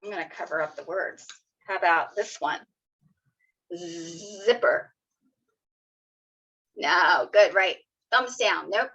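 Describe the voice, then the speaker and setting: A woman leads young children through a phonics lesson, speaking slowly and sounding out each letter with patient encouragement. Her voice is bright and fairly high. The audio is a little dull and lo-fi. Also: big pitch swings, gravelly, slightly rough. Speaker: kindergarten teacher. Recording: slightly dull lo-fi video audio.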